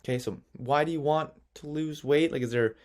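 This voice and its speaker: With a fairly high, brisk voice, an agency founder delivers an animated, story-driven online sales lesson, repeatedly checking in with "right?" and "okay?".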